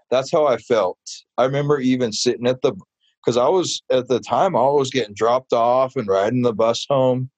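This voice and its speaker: A man being interviewed about his mural work, telling stories in a casual, animated way full of fillers. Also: mid-range voice, no room sound. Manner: animated, chatty, many fillers. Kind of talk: casual storytelling.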